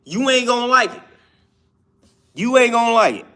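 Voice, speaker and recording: A man's voice: very high-pitched, animated, normal speed, vocal fry, bright, forceful tone. A young man talking casually and emphatically about diet, with slangy, repetitive phrasing. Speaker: vegan health talker. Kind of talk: casual monologue.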